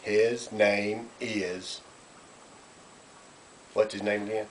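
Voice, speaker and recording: A man's voice: lowish voice, flat delivery, very slow. A man voicing a silly, chatty male duck puppet that quacks and teases. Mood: playful. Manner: playful teasing, quacking.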